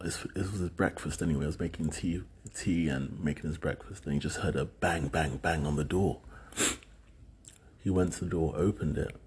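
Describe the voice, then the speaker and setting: A man's voice: sits low, darkish tone, husky. A man in his thirties from the UK, musing alone in a rambling, hesitant way with many fillers. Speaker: solo speaker recounting dreams. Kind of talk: casual monologue.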